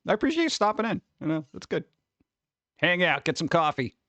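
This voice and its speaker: A man hosting a casual livestream, chatting with viewers in a jokey, excitable way, with sudden exclamations. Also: a little high, fairly quick, no room sound. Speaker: livestream host.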